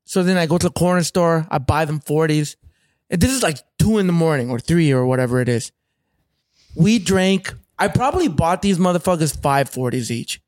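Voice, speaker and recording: A Canadian man tells a rowdy story in a high, lively voice, swearing freely and slipping into other people's voices. The sound is close and dry, with no room around him. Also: moderate pace, no room sound. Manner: profane, animated, acts out other people's voices. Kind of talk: casual storytelling.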